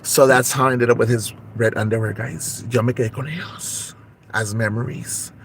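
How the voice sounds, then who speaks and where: In a confessional comedy vlog, a man voices a brassy, shameless young Tejana woman who gossips and code-switches through a comedic character monologue. His medium-pitched voice is steady, fairly bright, and at normal speed, with vocal fry and slight background noise.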